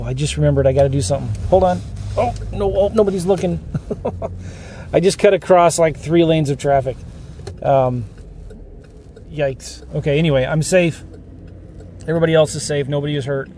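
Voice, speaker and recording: A chatty middle-aged man talks casually from behind the wheel, rambling with lots of fillers and restarts. His voice sits a touch higher than most men's, and car noise hums behind him. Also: normal speed, pauses often, a little mellow. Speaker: host. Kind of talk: casual talk while driving. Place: inside a car.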